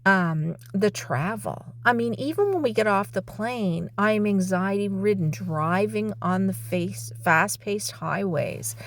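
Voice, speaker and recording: Halting, heartfelt middle-aged woman. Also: mid-range voice. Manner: halting, heartfelt, with sighs and restarts. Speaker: vlogger. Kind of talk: personal reflective talk.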